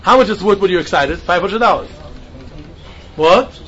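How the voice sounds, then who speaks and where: A man with a high, sharp, bright voice gives a Talmud lesson in English. He keeps asking himself questions, answers them, and goes over each point again. The recording is dull and lo-fi. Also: expressive, moderate pace, slight background noise. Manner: asks and answers his own questions, repeats points. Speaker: Talmud teacher. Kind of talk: lecture on Talmudic texts.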